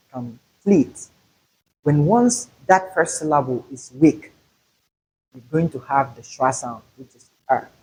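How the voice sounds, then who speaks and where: A male teacher giving a slow, deliberate pronunciation lesson, repeating example words to show stress. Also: fairly high pitch, warm tone, husky, low-quality recording. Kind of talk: classroom-style pronunciation lesson.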